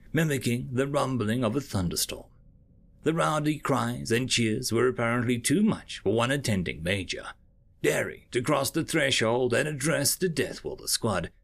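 A man reading a science fiction story aloud with expressive, measured narration. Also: mid-range voice, vocal fry.

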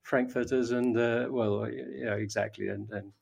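A man's voice: medium pitch, steady tone, a little slow, creaky, darkish tone, breathy edge. An older man, a guest in an interview, talking at length with many fillers, restarts and a lost train of thought. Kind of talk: conversational interview.

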